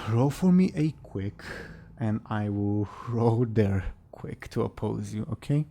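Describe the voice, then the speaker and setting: A man narrating a tabletop game as its game master, taking his time over each line. His voice is low, dark and gravelly with plenty of fry. He often breaks into soft chuckles and mutters asides to himself. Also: slow. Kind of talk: running a tabletop game online.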